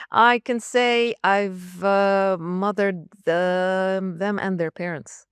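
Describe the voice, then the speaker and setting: A woman's voice: medium pitch, steady tone, drawn-out words, clean tone, no echo. A woman around sixty, a school leader answering interview questions in an emphatic, direct way with short punchy phrases. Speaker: school academic leader, guest.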